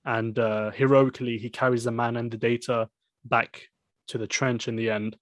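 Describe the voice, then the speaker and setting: A man's voice: medium pitch, level tone, moderate pace, dry recording. A man casually discussing a film with a friend, rambling with many fillers and restarts.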